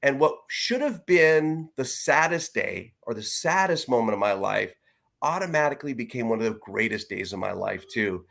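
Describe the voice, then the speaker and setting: A middle-aged man speaks as a guest in a conversation, telling his own story. His voice sits at an ordinary middle pitch. He sounds earnest and reflective and often breaks off and starts a phrase again. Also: lively intonation, gravelly, a bit bright. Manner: earnest and reflective, with halting restarts. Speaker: interview guest.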